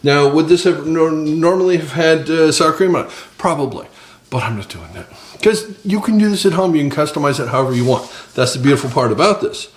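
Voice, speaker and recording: A man's voice: fairly high pitch, animated, a little fast, slight background noise. Chatty man cooking in an echoey kitchen. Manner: chatty, joking asides to viewers. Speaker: cooking channel host. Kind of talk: casual cooking vlog. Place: small home kitchen. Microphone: several cameras on the counter.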